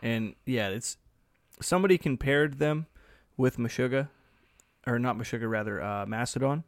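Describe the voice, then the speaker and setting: A young man chatting casually on a podcast, laid-back and a little halting. His voice is recorded dry and close. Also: medium pitch, no echo. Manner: laid-back, hesitant, many fillers. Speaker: podcast co-host. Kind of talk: casual chat.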